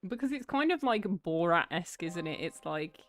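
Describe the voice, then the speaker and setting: Woman, young, lowish voice, self-mocking chatter, faint music behind. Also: expressive, moderate pace. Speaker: art streamer. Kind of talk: casual chat while drawing on a livestream.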